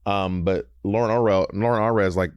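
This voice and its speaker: A man co-hosting a podcast in casual chat, quick and chatty, often correcting himself mid-sentence. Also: fairly low pitch, steady tone, darkish tone, smooth, no echo, dull audio. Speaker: podcast co-host.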